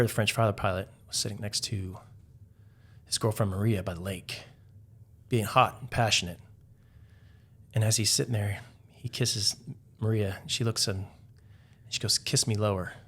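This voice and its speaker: A man with a fairly low voice tells stories as a podcast guest. He rambles easily, leans on "like" and "um," and chuckles at his own stories. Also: steady tone, moderate pace, long pauses, a bit bright, slightly rough. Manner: rambling, heavy with "like" fillers, chuckles while telling stories. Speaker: podcast guest, Navy veteran. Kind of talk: casual storytelling interview.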